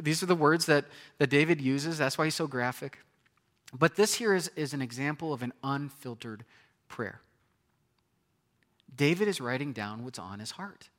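A man's voice: medium pitch, sharp tone. A man preaching a sermon in a conversational way, often asking his listeners rhetorical questions. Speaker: pastor.

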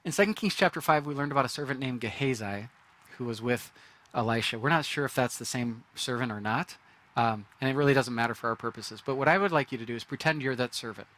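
A man's voice: medium pitch, fast talker, fairly bright tone. A man preaching a sermon in a conversational way, acting out the reactions of the people in his story. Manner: conversational, acts out quoted reactions. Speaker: pastor.

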